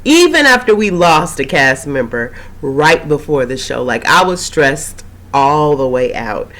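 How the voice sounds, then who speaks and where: Chatty woman, slightly hoarse. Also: deep voice, big pitch swings, a little slow, fairly bright tone. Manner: chatty, rambling, with frequent fillers and asides. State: slightly hoarse after a cold. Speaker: TV recap host. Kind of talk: casual TV episode recap.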